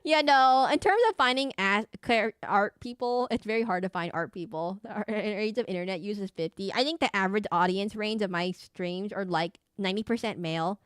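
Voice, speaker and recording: A woman's voice: medium pitch, brisk, few pauses, smooth, dry recording, studio quality. A woman in her thirties chatting casually with her stream chat, rambling and giggling with lots of fillers. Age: 30s. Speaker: VTuber streamer.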